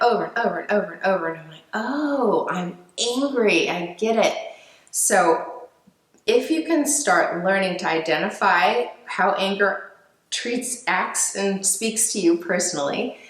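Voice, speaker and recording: A woman giving a reflective teaching talk, speaking gently with frequent fillers and restarts. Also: fairly low pitch, roomy sound, low-quality recording. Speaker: speaker on emotional healing.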